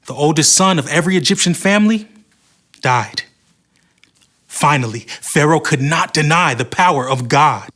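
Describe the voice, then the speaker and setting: A man's voice: fairly high pitch, animated, moderate pace, a bit bright. A man narrating a Bible story for kids in a dramatic, scripted way. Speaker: Bible storyteller on a kids' show.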